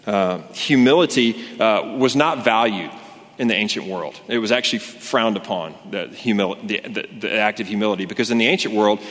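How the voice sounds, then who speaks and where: A man's voice: fairly low pitch, moderate pace, a bit bright. A man preaching a sermon to a congregation, conversational and earnest, restarting his sentences often. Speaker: pastor. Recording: long hall reverb.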